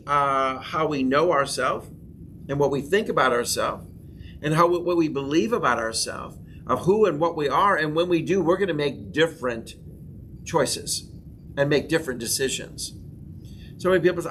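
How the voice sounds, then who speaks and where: A man's voice: fairly high pitch, a bit bright, slight background noise. A middle-aged male pastor teaching a sermon class, with rising emphatic proclamations and call-and-response affirmations. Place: church classroom.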